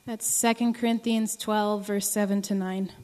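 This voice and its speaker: A woman's voice: mid-range voice, level tone, moderate pace, warm tone. Earnest young woman preaching in a hall. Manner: earnest, many ums, rises to emotional pleading. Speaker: speaker giving a testimony talk. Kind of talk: sermon. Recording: long reverb of a large hall.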